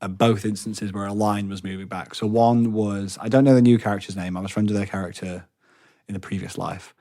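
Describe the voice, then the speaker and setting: A man co-hosting a podcast, telling stories in casual chat, lively and swearing freely. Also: fairly low pitch, brisk. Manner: animated, swears freely, acts out quotes. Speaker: podcast co-host.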